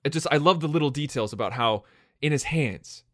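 A man's voice: fairly high pitch, brisk, a bit bright, dry recording, clean studio sound. Enthusiastic man in podcast chat. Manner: enthusiastic, heavy on "like" and "you know". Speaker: podcast co-host. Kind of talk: casual podcast discussion.

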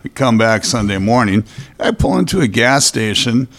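A middle-aged man from Minnesota chatting casually on a podcast, telling stories in halting runs full of fillers and restarts. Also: lowish voice, fairly bright tone. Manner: rambling, halting storyteller with many fillers. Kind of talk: casual chat.

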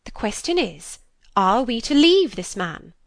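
A woman's voice: fairly high pitch, sing-song, unhurried, no room sound, studio quality. A woman playing a haughty aristocratic daughter. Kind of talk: amateur audiobook drama reading.

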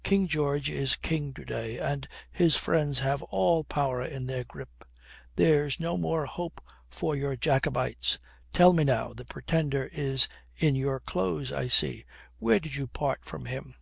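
A man's voice: on the high side, slow pace, gravelly, husky, no echo, clean studio sound, heavily acted. A man voicing a blustering, scolding older army colonel in a storybook reading. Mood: angry.

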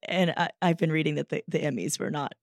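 Brief: lower-voiced woman co-host, dry close mic, playful. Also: quick pace, no room sound. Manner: playful, laughs often, does mock voices. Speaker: podcast co-host. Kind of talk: casual chat.

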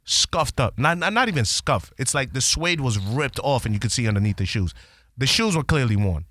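A man hosting a podcast, animated and profane as he retells a story in casual slang. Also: mid-range voice, fairly quick, no room sound, studio quality.

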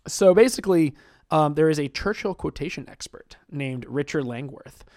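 A man's voice: fairly high pitch, animated, moderate pace, darkish tone. A man co-hosting a casual podcast, explaining things in a chatty way with plenty of fillers. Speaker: podcast co-host presenting quotes.

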